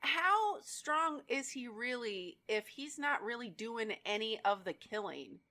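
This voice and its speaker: Woman, podcast co-host, giggly casual chat, bright voice. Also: fairly high pitch, very animated, slow pace.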